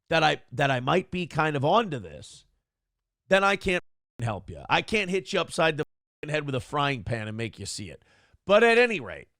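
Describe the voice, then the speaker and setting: Combative, gravelly man ranting on stream. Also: a little high, fairly bright tone, no room sound, clean studio sound. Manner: combative, profane, boastful. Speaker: streamer and show host. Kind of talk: ranting live stream chat.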